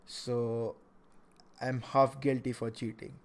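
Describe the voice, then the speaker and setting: A young man hosting a casual podcast, talking in an animated way with many stammered restarts. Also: mid-range voice, slow pace. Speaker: podcast host.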